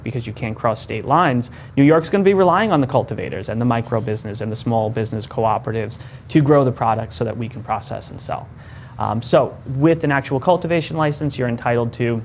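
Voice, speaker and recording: A man, a guest in an interview, explaining rules in a measured, methodical way with frequent "you know" and "right?". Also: medium pitch, slight background noise. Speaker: cannabis licensing lawyer, guest.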